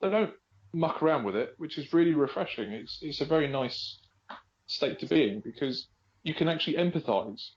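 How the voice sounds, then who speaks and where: A man's voice: on the high side, expressive, normal speed, slight background noise. English man, blunt and jokey, mimics voices, casual podcast chat, muffled audio. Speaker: podcast co-host.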